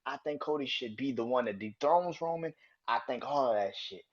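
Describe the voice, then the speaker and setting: A man hosting his own podcast, ranting angrily and swearing, jumping from loud outbursts to low mutters. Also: animated, brisk. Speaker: podcast host. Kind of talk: casual solo podcast rant. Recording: dull lo-fi sound.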